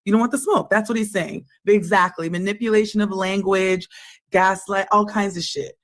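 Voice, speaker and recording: Woman, mid-pitched voice, reaction commentary, scornful, profane. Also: fairly even intonation, normal speed. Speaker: streamer reacting to clips.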